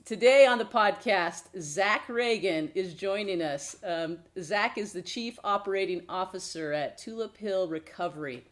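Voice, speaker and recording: Older female counselor and podcast co-host, chatty and warm, faint music behind. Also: medium pitch, unhurried, hardly any pauses. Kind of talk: casual podcast chat.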